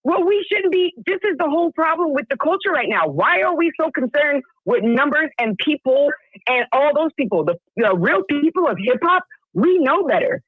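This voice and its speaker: A woman's voice: sits high, big pitch swings, normal speed, no echo. A woman calling in to argue with the host. She is insistent and keeps cutting in to make her point. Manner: argumentative, insistent, cuts in. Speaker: caller. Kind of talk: heated phone-in debate. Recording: tinny phone line.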